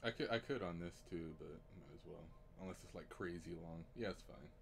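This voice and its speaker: A laid-back man in casual gaming chat, his voice very low and deep. A faint hiss sits under it. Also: fairly quick, vocal fry.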